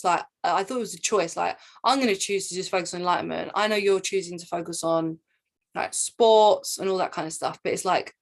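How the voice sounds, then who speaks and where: A woman, a spiritual teacher, telling her own story in an excited, rambling monologue full of repeats and asides. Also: mid-range voice. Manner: excitable, repeats herself, jumps between asides.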